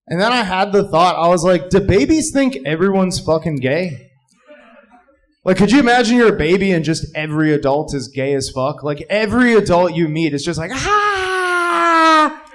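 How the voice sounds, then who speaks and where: A man performing a stand-up comedy set, rambling and jumping into shouted character voices. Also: fairly high pitch, quick pace, hardly any pauses, poor audio. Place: live comedy club.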